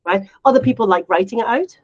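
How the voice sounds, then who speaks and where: A middle-aged woman co-hosting a casual chat, animated, often acting out quotes in a higher voice. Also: fast, lo-fi sound. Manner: animated, acts out quotes in a high voice. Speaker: podcast co-host.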